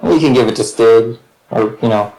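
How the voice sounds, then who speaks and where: A man's voice: mid-range voice, normal speed, a little mellow, poor audio. A man playing a tabletop game over voice chat, rambling and hesitating as he thinks aloud. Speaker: player. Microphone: online voice chat.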